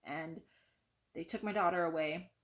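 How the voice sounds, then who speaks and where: A young woman vlogger telling a personal story to the camera in an animated way, full of "like" and acted-out quotes of what others said. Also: deep voice, normal speed. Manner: animated, acts out quoted voices, frequent "like".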